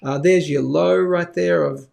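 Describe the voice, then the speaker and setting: Aussie guy doing a live markets stream, kinda high voice with a gravelly edge, rambly and chatty. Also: fairly even intonation, unhurried, darkish tone. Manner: chatty, thinks aloud, many fillers. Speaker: host of a live bullion market show. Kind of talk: live-stream chat and chart analysis.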